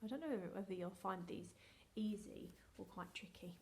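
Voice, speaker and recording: A woman's voice: mid-range voice, normal speed, gravelly, a little hiss or hum. A woman teaching a recorded phonics lesson to young children, in a sing-song, encouraging way, drawing out each letter sound. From England. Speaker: primary school teacher.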